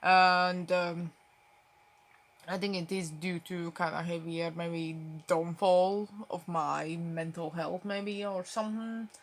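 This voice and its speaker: Talking casually to camera on her phone at home, a young woman mumbles and rambles, using lots of fillers. Her voice is lowish, with a steady tone and a slow pace.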